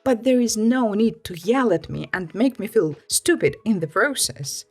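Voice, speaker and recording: A woman reading online stories aloud in an expressive, lively storytelling manner. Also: medium pitch, moderate pace, husky, soft background music. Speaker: story reader.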